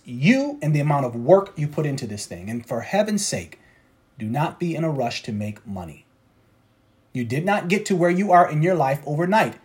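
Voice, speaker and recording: A man coaching traders in a motivational talk, preachy and repeating his points for emphasis. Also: fairly high pitch. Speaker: trading coach.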